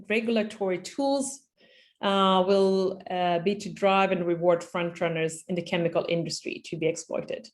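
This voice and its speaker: Woman presenting policy slides, measured. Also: fairly low pitch. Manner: measured, with frequent fillers and restarts. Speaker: policy speaker at a webinar. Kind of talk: presenting slides in an online webinar.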